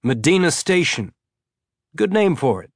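A man's voice: on the high side, very animated, measured pace, dry recording, clean studio sound, voice pushed up, heavily acted. A man voicing a talkative male ship's pilot who explains things at length. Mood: musing.

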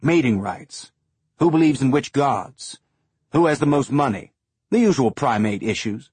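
A man's voice: medium pitch, expressive, measured pace, darkish tone, breathy edge, no echo. A man voicing a laid-back pilot under fire in an audiobook, easygoing and joking.

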